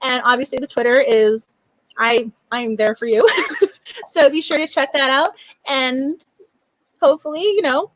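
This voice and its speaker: A young woman with a high, bright voice hosts a book club livestream, chatting in a warm, gushing way. She sounds close and dry, with no room behind her. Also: measured pace, pauses often, no room sound, poor audio. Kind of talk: casual livestream chat.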